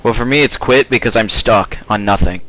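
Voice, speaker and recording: A man's voice: fairly low pitch, a little fast, a bit bright. A young man recording his game session with friends, wry and exasperated over voice chat. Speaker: gamer recording a video. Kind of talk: casual gaming banter. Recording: game music behind the voice chat.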